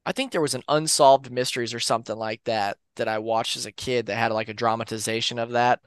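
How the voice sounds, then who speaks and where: A man tells urban legends as a podcast co-host, easygoing and rambling. His voice is smooth and clear, sitting in the middle range for a man. The recording is close and dry, with no room sound. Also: mid-range voice, fast, no echo. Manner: relaxed, rambling with fillers and restarts. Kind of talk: casual storytelling of urban legends.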